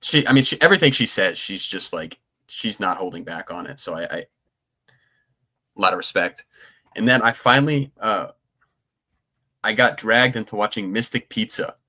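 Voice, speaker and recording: A man's voice: lowish voice, animated, normal speed, pauses often, bright, forceful tone. A young man co-hosting a podcast, chatting casually and rambling with frequent restarts. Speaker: podcast co-host. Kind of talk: casual chat.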